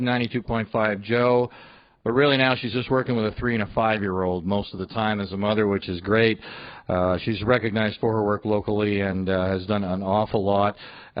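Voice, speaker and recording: A man hosting a comedy show who introduces the next comic in a plain, steady way. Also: fairly low pitch, no echo. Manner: plain and steady, with some uhs. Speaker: show host. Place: comedy club. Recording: dull lo-fi live recording.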